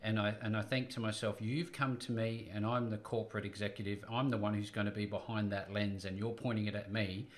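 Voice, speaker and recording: A man hosting a business podcast, asking questions in a measured way and affirming his guest. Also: lowish voice, steady tone. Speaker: podcast host. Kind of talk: interview questions.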